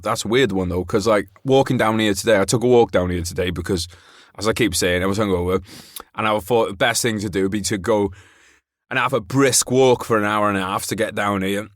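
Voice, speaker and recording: A man's voice: on the low side, fairly quick, no room sound, studio quality. A man hosting a podcast, chatting casually in a rambling way, with lots of "like" and swearing. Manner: rambling, swears freely, frequent fillers. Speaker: podcast host. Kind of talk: casual chat.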